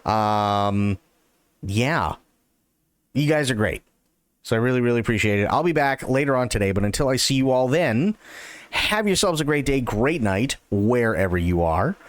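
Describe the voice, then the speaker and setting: A man's voice: mid-range voice, lively intonation, moderate pace, no echo. Guy streamer chatting with chat, thanking everyone, mid voice, dry close mic. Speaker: livestreamer. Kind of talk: casual livestream chat.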